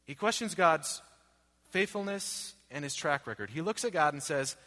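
Bright-voiced preacher in a reverberant hall. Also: male voice, a little high, animated, moderate pace. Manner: earnest, repetitive preaching with rhetorical questions. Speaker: pastor. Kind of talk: sermon.

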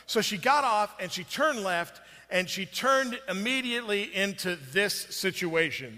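A man's voice: high-pitched, sharp tone, in a large hall. A man preaching a sermon, telling a story in a conversational way with restarts and fillers. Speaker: pastor.

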